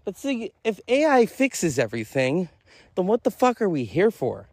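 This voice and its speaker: A man's voice: high voice, wildly swooping pitch, normal speed, a little mellow, dry recording, clean studio sound. A man hosting a solo podcast, rambling through a casual monologue with self-amused, profane asides. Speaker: podcast host.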